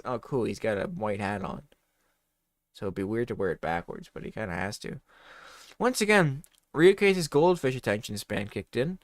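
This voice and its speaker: A man's voice: mid-range voice, dry recording, clean studio sound. A man reading a comedy story aloud in a mock-dramatic voice, breaking off for swearing asides.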